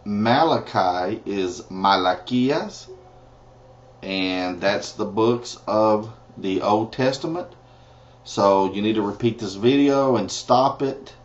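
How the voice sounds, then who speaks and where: A man gives a language lesson at a very slow, deliberate pace, carefully sounding out each word. His voice sits fairly low, and he slips into relaxed, casual asides. The recording is dull and lo-fi. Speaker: Spanish teacher.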